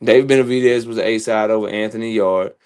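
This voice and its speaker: A man's voice: fairly low pitch, fairly even intonation, quick pace, a little mellow, clean tone. A man calling into a boxing live stream on his phone, ranting heatedly and stammering over repeated words. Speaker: co-host calling in. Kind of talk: casual live-stream chat.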